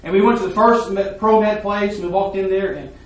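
Speaking at a brisk clip in a steady tone, a church member offers a heartfelt testimony of his faith. His fairly high male voice rambles earnestly, repeating words and starting over, heard slightly off-mic in a room that echoes like a church hall.

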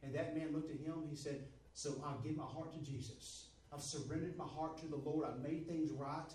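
Man, preacher. Storytelling sermon that swells into shouting, recorded from a distance in a reverberant sanctuary. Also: on the high side, steady tone, slight background noise. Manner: builds to shouted, climactic preaching with repetition; drawn-out, soft storytelling delivery. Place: church sanctuary. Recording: echoey hall from far off.

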